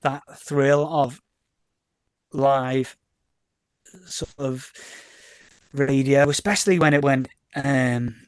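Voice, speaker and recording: Medium in pitch and extremely slow, with long pauses and no room sound, this middle-aged Scouse DJ and label owner from Liverpool chats as a podcast guest. He's a lively storyteller in a casual interview, rambling and correcting himself, often repeating words and acting out quoted exchanges.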